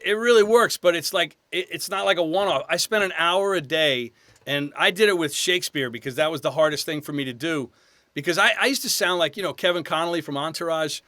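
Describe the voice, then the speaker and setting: A man in his fifties from New York, an actor guest telling animated stories in a casual podcast interview. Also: fairly high pitch, brisk, no room sound. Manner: animated anecdotes, slips into quoted voices.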